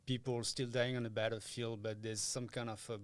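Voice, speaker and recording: Man, hesitant, mid pitch, podcast guest. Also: little pitch movement, fairly quick. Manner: hesitant, searching for words, laughs often. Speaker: guitarist guest. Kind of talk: casual podcast interview.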